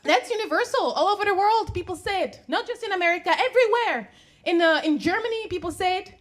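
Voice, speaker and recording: High-voiced Czech-accented woman doing stand-up. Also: fast. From Czech Republic. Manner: animated, laughing at her own jokes. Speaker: stand-up comedian. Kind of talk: stand-up comedy set. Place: comedy club stage. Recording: live club recording, audience noise.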